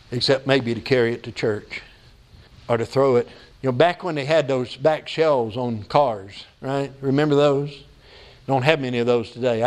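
An older male pastor preaching a sermon, with emphatic rising questions and folksy asides. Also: fairly high pitch.

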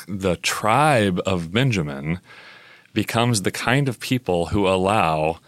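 Low-voiced man explaining on a podcast. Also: dry recording. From United States. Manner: animated and talkative, full of fillers and restarts. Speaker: biblical scholar on a podcast.

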